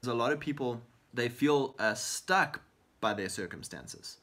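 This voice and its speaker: A man co-hosting a Christian talk show in an earnest, encouraging voice. He sits at a middle pitch and talks things through, often acting out prayers and questions to God as quotes. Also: expressive, unhurried, pushed and bright. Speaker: co-host of a faith talk show.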